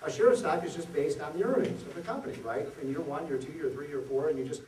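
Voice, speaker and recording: A man giving an after-dinner policy speech, an animated storyteller who throws rhetorical questions at the audience. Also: a little high, quick pace. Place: event hall at a reception. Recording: echoey hall from far off.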